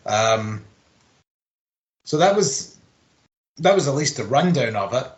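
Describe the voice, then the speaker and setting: Young co-host, rambling casual chat, swears freely, echoey room. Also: male voice, medium pitch, animated. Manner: rambling, swears, quick laughs. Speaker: podcast co-host. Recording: roomy home recording.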